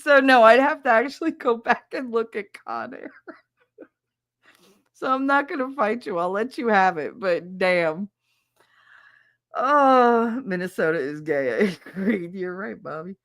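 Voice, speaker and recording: A woman hosting a casual livestream chat, reading comments aloud and answering them in a brash, swearing way, with frequent laughter and quick mimicry. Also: mid-range voice, no echo, studio quality. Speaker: podcast host reading chat.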